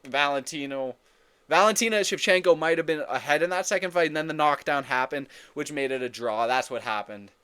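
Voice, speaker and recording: A man hosting a casual fight breakdown, talking in an excitable, profane way and often repeating and correcting himself. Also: a little high, a little fast, clean tone. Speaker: MMA fight predictions host.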